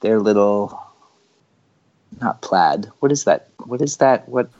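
A man's voice: on the low side, animated, takes it slowly, darkish tone. An easygoing, self-deprecating man chatting casually on a podcast about a comic book. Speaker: podcast co-host. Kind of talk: casual chat. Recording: dull lo-fi sound.

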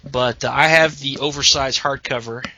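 Bright-voiced rambling male podcast host. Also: medium pitch, steady tone, moderate pace, dull audio, slight background noise. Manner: rambling, many restarts and fillers. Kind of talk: casual chat.

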